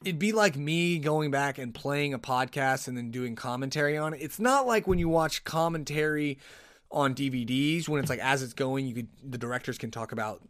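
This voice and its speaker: A man hosting a podcast, telling rambling, animated stories and often cutting himself off. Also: mid-range voice, normal speed, no echo, studio quality. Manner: rambling, animated, self-interrupting. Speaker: podcast host. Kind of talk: casual solo podcast storytelling. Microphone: podcast microphone.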